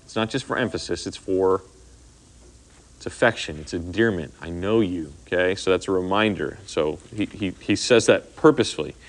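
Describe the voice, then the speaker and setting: Speaking at normal speed in a low-pitched voice, this man gives informal Bible study teaching to a small group in a relaxed, conversational style. He performs the quoted lines and keeps asking "okay?" to check in.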